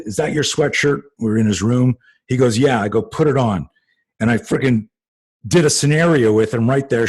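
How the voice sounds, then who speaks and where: A man hosting a self-defense talk show, telling a long story in a lively way and acting out the people he quotes. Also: mid-range voice, husky. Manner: animated, acts out quoted voices, many fillers. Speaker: host and self-defense coach. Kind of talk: conversational storytelling.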